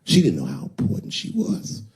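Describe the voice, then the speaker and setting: A man's voice: fairly low pitch, wildly swooping pitch, moderate pace, a little mellow, husky. A male stand-up comedian telling a crude, punchy story on stage.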